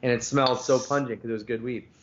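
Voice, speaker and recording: A man's voice: medium pitch, fairly even intonation, fast, dull audio, slight background noise. A man hosting a podcast, telling a rambling, profane story in casual chat over a video call. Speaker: podcast host.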